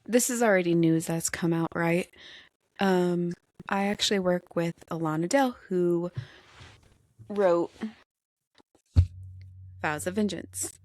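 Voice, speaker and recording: A woman hosting a podcast, chatting casually and telling stories in an animated, gushing way. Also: lowish voice, slow, pauses often, no room sound. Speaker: podcast host. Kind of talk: casual chat.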